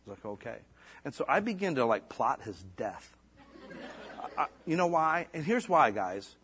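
Folksy, animated male preacher. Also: on the high side, unhurried, slight background noise. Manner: conversational, folksy preaching with asides and restarts. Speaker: pastor. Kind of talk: sermon.

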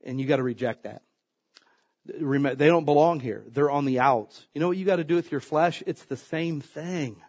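Speaking at a moderate pace in a slightly high voice, a male pastor delivers his sermon through folksy jokes and lively stories. He acts out the quotes within them.

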